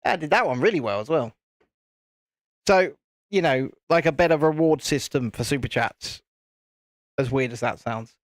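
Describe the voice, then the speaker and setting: Man, live-stream host, chatty, laughs a lot, casual swearing, lively swooping voice, dry close sound. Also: on the high side, normal speed, pauses often, no echo. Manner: chatty, laughs often, mild swearing, restarts. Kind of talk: casual live-stream chat while building.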